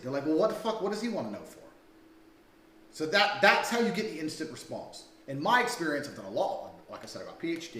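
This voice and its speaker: A man delivers a crude, emphatic lecture full of swearing, and his pitch swings up and down. He sounds set back from the mic in a reverberant room, with a faint hum behind him. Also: distant mic. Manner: crude, profane, lively and emphatic. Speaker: dating course presenter. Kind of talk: blunt lecture to camera.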